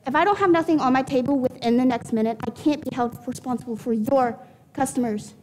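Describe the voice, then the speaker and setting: A woman's voice: high-pitched, a little fast. A woman playing a pushy, impatient diner demanding service in a stage play. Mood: bossy. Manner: loud, pushy and commanding.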